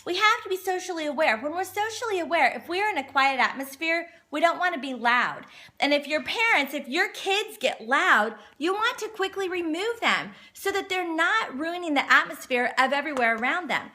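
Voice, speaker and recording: A woman, hosting a home livestream and gently teaching manners, reading aloud slowly to a child. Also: very high voice, expressive. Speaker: parenting livestream host. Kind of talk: casual teaching to viewers and child. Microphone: phone livestream.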